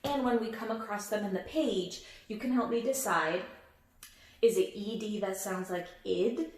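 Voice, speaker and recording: A woman's voice: mid-range voice, normal speed, echoey room. A woman teaching a phonics lesson and reading a picture book aloud, patient and encouraging, stretching out word sounds for young listeners.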